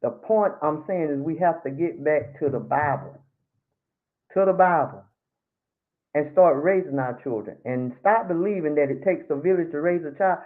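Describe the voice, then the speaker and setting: A woman's voice: deep voice, moderate pace, few pauses. A middle-aged woman giving a blunt, emphatic testimony at a Bible study, speaking with candid humor. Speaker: church member giving testimony. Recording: tinny phone-like line.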